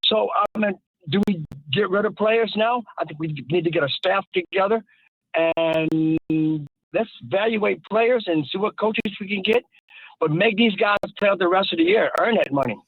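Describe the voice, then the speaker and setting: A man calls in to sports radio and lays out his view in a measured, matter-of-fact way. His voice sits high, squeezed into a thin phone band. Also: no room sound. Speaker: caller. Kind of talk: radio call-in. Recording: phone line.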